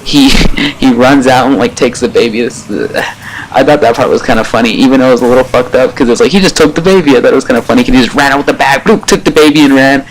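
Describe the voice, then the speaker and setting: A man giving a casual spoken episode review, rambling and excitable, with lots of fillers and casual swearing. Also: medium pitch, fast, poor audio.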